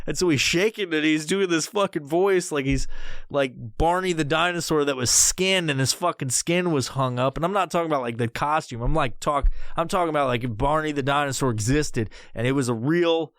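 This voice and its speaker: A man's voice: fairly high pitch, normal speed, a bit bright, no room sound, studio quality. A man in his thirties hosting a podcast, telling a comedic story in a rambling, heavily profane way. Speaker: podcast host.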